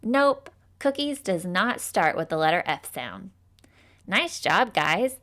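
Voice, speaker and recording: Woman, kids' phonics teacher, unhurried delivery, encouraging, carefully sounded-out letters. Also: mid-range voice, sing-song, fairly bright tone. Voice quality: careful, exaggerated enunciation of sounds. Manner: upbeat and encouraging, with frequent praise. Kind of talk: slow scripted kids' lesson.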